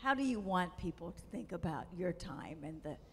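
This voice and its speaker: A woman with a fairly low voice moderates a panel discussion. She asks her questions in a measured way, with frequent fillers. Her voice rings in a reverberant hall over faint background noise. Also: very animated, a bit bright.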